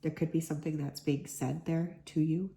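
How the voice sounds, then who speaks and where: Woman, tarot reader, hoarse sick voice, low and mellow, echoey room. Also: steady tone, normal speed, slight background noise. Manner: chatty, lots of "like" fillers. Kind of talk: casual collective card reading to viewers.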